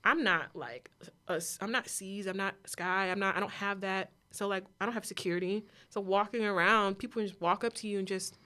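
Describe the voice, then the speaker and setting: A woman's voice: medium pitch, fairly even intonation, a little fast, sharp tone. A young woman as an interview guest, telling her story candidly and animatedly, acting out other people's voices as she goes.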